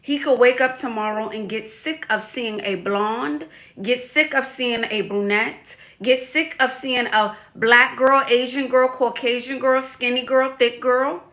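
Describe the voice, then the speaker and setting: Woman, advice vlogger and life coach; bright, slightly high voice; emphatic, repeats herself, fires off rhetorical questions. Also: fairly even intonation, unhurried, highs cut off. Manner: speaks frankly to young women. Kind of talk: direct-to-camera advice vlog.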